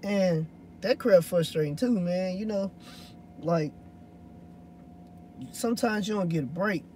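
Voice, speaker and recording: A man's voice: high voice, measured pace, mellow, a little hiss or hum. A man, a hotshot truck driver chatting loosely to viewers in a rambling, swearing way. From Louisiana. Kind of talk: casual vlog chat answering viewers.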